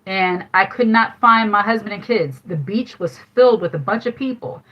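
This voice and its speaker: A woman's voice: medium pitch, moderate pace. Chatty woman on a dull lo-fi livestream. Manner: candid, chatty storytelling with frequent laughs. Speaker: livestream host giving life advice. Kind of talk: casual livestream chat.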